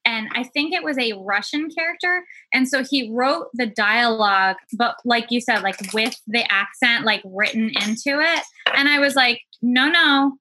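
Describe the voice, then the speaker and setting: Bright-voiced chatty woman. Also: a little high, moderate pace, hardly any pauses, slight background noise, poor audio. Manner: chatty, many fillers, light laughs. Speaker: actor and casting helper. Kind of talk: casual chat.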